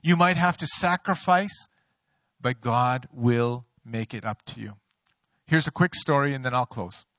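A middle-aged man preaching a sermon, an animated storyteller who mocks himself and laughs often. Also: medium pitch, measured pace, no room sound. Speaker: pastor. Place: church sanctuary.

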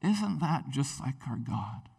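A man preaching a sermon in a church, telling stories with lively swings from loud bursts to hushed tones. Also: medium pitch, takes it slowly, gravelly, far from the mic. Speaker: pastor.

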